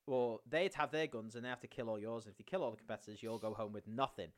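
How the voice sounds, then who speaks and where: A man telling stories in casual podcast chat, animated and swearing a lot, acting out scenes. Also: mid-range voice, fast. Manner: animated storytelling, swears often, acts out scenes. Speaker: podcast co-host.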